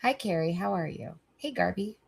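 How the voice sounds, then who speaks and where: A woman's voice: fairly low pitch, lively intonation, normal speed, vocal fry, husky, poor audio. A woman livestreamer reacting to a clip, talking heatedly with a lot of swearing and speaking straight to her chat.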